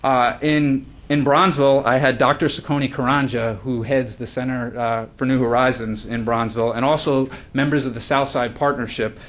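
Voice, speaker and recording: A man's voice: mid-range voice, steady tone, moderate pace, hardly any pauses, fairly bright tone. A man, as the author, giving a book talk at a launch event, earnest, with frequent fillers and restarts. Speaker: author presenting his book.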